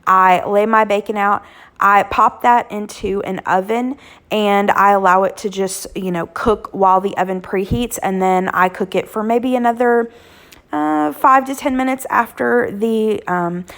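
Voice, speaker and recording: A woman in her thirties or forties, a cooking channel host, hoarse from illness, chatting casually with lots of ums as she walks through weeknight dinners. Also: medium pitch, measured pace, fairly bright tone. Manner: chatty, homey, frequent "um" fillers. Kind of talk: casual cooking vlog narration.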